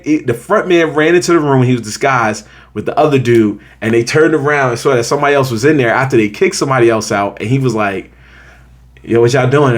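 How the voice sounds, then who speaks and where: Young male host, casual slangy review, lively storytelling with voiced reactions. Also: medium pitch. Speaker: show host reviewing a series.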